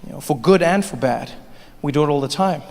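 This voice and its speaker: In a stand-up set from a large hall's stage, a South African comedian tells lively stories and puts on voices. His voice is a little high and a little fast, echoing through the reverberant hall with faint ambience.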